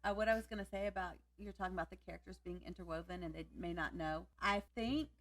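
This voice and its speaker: A woman's voice: on the low side, quick pace, distant mic. A woman with a Southern US accent co-hosting a podcast, chatting in a hesitant, think-aloud way. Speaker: podcast co-host. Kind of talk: casual chat.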